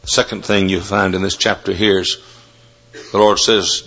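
A man's voice: low-pitched, little pitch movement, moderate pace, bright, forceful tone. A man preaching a sermon from a pulpit in a college chapel, telling folksy stories and then driving hard at his points. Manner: folksy storytelling, rising to emphatic preaching. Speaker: Baptist preacher. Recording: dull lo-fi recording.

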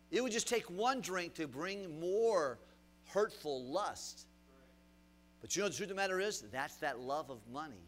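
A male pastor preaching a sermon, swinging between loud emphatic bursts and quiet drops, asking the congregation questions as he goes. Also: fairly high pitch, a little hiss or hum.

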